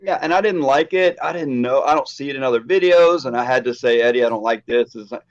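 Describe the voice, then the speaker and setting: A man co-hosting a casual podcast chat, telling stories and acting out the quoted dialogue with lively energy. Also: a little high, quick pace, muffled recording. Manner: animated storyteller, acts out quoted dialogue. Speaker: podcast co-host.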